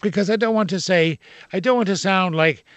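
A man's voice: sits high, brisk, clean tone, dry recording. An older man, an actor giving an opinionated, emphatic interview and repeating his points. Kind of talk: casual interview talk.

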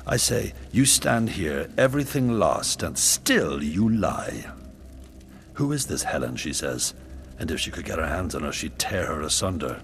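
A man's voice: low-pitched, very animated, measured pace, slight background noise, full character voice. An actor playing a brutal, lecherous warrior king, talking in a crude, leering, menacing way. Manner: crude, leering, menacing first-person monologue. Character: brutal, lecherous, swaggering warrior king, middle-aged man.

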